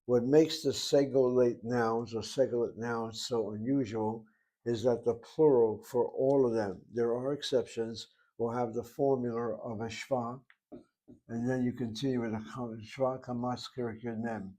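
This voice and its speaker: A man's voice: medium pitch, fairly even intonation, moderate pace, mellow. A man giving a classroom lecture on Hebrew grammar, methodically spelling out vowels and letters at the board. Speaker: Hebrew teacher.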